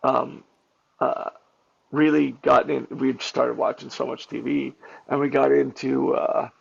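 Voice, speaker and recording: Gravelly husky man telling set stories. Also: mid-range voice, measured pace. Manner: animated anecdotes, heavy fillers and restarts. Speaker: stuntman and actor guest. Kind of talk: candid interview storytelling. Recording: dull lo-fi audio.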